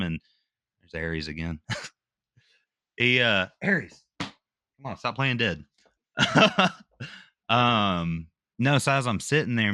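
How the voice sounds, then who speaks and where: A man's voice: fairly low pitch, no room sound, studio quality. A man, a military veteran guest, telling a personal story in casual talk. He acts out the other people's lines and drops "dude" and "bro" as he goes. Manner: animated retelling, acts out quotes, slangy with "dude" and "bro".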